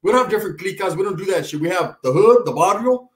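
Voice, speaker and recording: A man's voice: sits high, expressive, fast, roomy sound. A middle-aged man telling loose, profane neighborhood stories in a casual chat, laughing as he goes. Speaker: podcast co-host.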